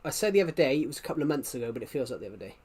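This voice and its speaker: A man's voice: medium pitch, very animated, racing, darkish tone, slight background noise. A British man chats loosely while streaming a game, circling back and repeating himself as he talks. His mic sits a little away behind his laptop, so he sounds a touch distant. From Britain. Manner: rambling, repeats himself often. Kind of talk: casual gaming stream chat. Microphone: mic a bit away behind a laptop.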